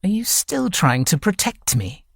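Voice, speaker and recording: A man's voice: medium pitch, expressive, moderate pace, slightly rough, dry recording, studio quality. A man voicing a proud young man who speaks curtly and indignantly. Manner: curt, indignant.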